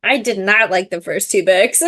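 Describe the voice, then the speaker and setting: A woman's voice: mid-range voice, normal speed, fairly bright tone. A young woman co-hosting a casual book podcast, blunt and swearing freely. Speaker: podcast co-host.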